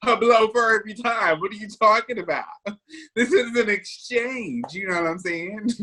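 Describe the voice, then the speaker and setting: A man's voice: sits high, normal speed, sharp tone. A man co-hosting a podcast, teasing his co-host in casual banter and laughing often.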